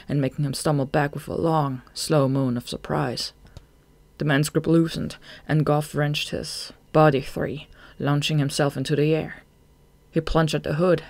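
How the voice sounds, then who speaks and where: An audiobook narrator reading a novel chapter in a measured way, slowing down at tense moments. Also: mid-range voice, gravelly, no room sound.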